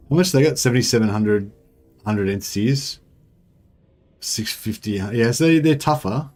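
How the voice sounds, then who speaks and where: A man's voice: fairly low pitch, a little mellow. Casual rambling male gamer. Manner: casual, rambling, thinking aloud. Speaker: gaming channel host. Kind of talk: let's play commentary.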